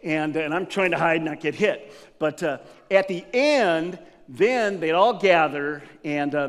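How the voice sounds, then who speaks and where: A man preaching a sermon as pastor, telling a personal story with animated, laughing delivery. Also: a little high. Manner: lively storyteller who acts out scenes with laughter. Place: church sanctuary. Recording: long reverb of a church hall.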